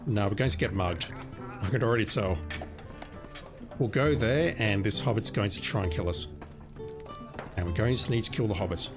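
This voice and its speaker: A hoarse man streaming a game, making wry, profane asides in casual commentary. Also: lowish voice, moderate pace, long pauses, music in the background. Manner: wry, profane asides between reading quest text.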